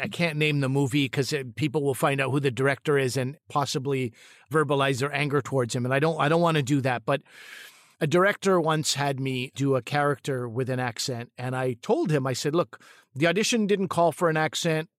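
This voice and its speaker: A man's voice: mid-range voice, steady tone, a little fast, a bit bright, no echo, studio quality. A man who co-hosts a podcast and works as a comedic actor, talking casually and thoughtfully, often restarting his sentences as he tells a story.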